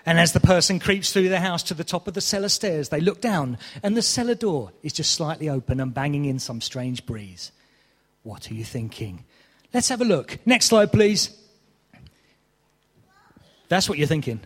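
A man's voice: sits high, lively intonation, fairly quick, long reverb tail. A man preaching a sermon, telling a story with mock exasperation.

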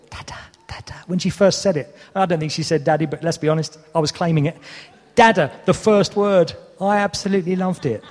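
This thirties-aged preacher has a slightly high, somewhat mellow voice. His sermon is candid and self-deprecating, sprinkled with humor, and the church hall gives it a long reverb.

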